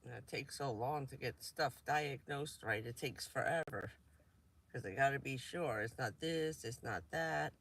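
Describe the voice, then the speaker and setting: Gravelly, chatty woman live-streaming. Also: very deep voice, measured pace, a bit bright. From New Jersey. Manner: rambling, chatty, laughs often. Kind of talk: casual live-stream chat.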